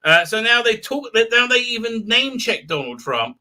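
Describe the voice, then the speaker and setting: A man's voice: very high-pitched, very animated, moderate pace, sharp tone. A man hosting a live stream, rambling and sarcastic, with many fillers. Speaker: host.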